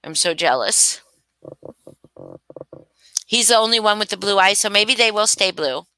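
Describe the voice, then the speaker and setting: A woman's voice: medium pitch, expressive, measured pace, sharp tone, no echo. A woman hosting a casual live stream, gushing and swearing freely as she chats with viewers. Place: home.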